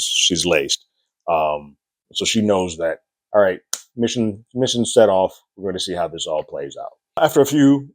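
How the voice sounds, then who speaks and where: A man with a deep, low-pitched voice talks through a TV episode in a relaxed, chatty recap. He tells the story loosely and pops up into a higher voice when acting out lines. The sound is dry and close, with no room behind him. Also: dry recording. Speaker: podcast reviewer. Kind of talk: casual recap and review.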